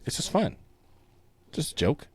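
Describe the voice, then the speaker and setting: A man in his thirties co-hosting a casual podcast, animated and chatty. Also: a little slow. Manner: animated, quotes movie lines in silly voices. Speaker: podcast co-host.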